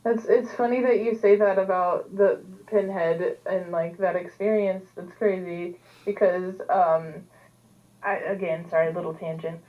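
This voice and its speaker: A woman's voice: on the low side, fairly even intonation, measured pace. A woman co-hosting a podcast, chatting casually with rambling restarts and tangents. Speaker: podcast co-host. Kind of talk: casual chat. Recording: tinny phone-like line.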